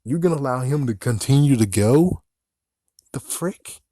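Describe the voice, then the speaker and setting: A man's voice: medium pitch, animated, moderate pace, dark tone, dry recording, studio quality. A man ranting through a movie review, exasperated and swearing constantly.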